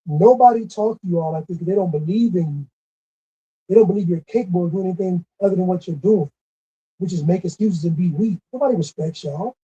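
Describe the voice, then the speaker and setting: A man with a high-sitting voice, a dark tone, and a breathy edge delivers a scolding commentary rant. His monologue is repetitive and stresses words emphatically, captured on a dull lo-fi recording.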